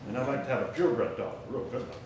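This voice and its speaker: A man's voice: mid-range voice, very fast, a little mellow. A man, a preacher, praying and then telling a folksy, rambling story to a church gathering, often asking his listeners simple questions. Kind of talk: prayer and folksy sermon storytelling. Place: church gathering, roomy hall. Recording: echoey room, far from the mic, ambient noise.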